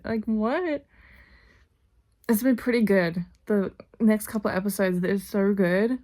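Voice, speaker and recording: A young adult woman rambling excitedly in a casual reaction vlog, gushing over a TV series. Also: medium pitch, measured pace.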